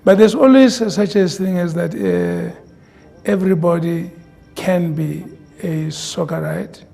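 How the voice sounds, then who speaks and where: A man speaking in a documentary interview, slow and reflective. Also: sits high, big pitch swings, vocal fry, dark tone, slightly rough, faint music behind.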